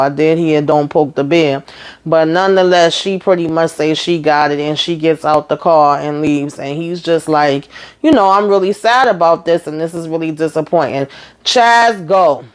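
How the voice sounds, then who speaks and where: Woman, low-pitched, blunt and exasperated, casual recap host with salty slang.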